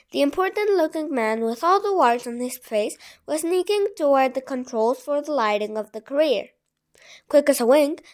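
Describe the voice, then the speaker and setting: A woman reading a storybook chapter aloud, expressive and wry. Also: high-pitched. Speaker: audiobook reader. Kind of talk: storybook narration.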